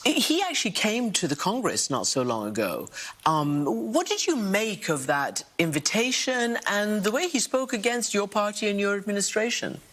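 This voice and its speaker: A woman hosting a television interview and asking measured, pointed questions. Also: medium pitch, very animated, a bit bright. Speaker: interviewer, host.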